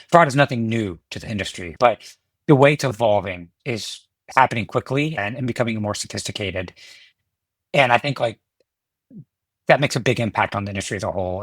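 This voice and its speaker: A man's voice: fairly low pitch, no echo. Man explaining as a podcast guest. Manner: explanatory, steady, uses filler "right?". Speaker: company executive guest. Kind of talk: podcast interview.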